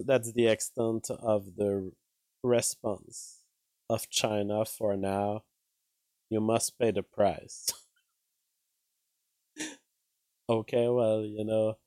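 A man's voice: medium pitch, a little mellow, dry recording. A man hosting a casual news commentary show, wry and given to laughing at his own remarks. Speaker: host.

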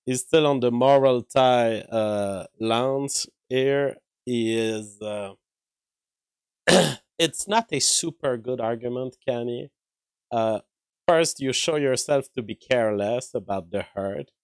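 A man's voice: mid-range voice, slow pace, clean tone, no room sound, rough recording. A man commenting live on an interview clip, analytical and thinking aloud through his own compressed mic.

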